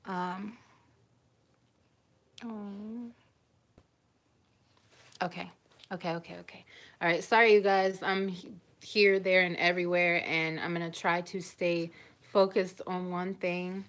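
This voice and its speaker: Woman in her twenties, live-stream vlogger on a phone at home, slow and emotional, slightly low voice. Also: steady tone. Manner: rambling, emotional, self-interrupting. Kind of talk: casual live-stream chat.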